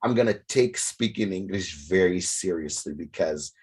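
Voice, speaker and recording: A man whose first language is French, telling a lively story as an interview guest and acting out the voices of the people in it. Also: sits low, normal speed, breathy edge. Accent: French-speaking African. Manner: animated, acts out voices in his story.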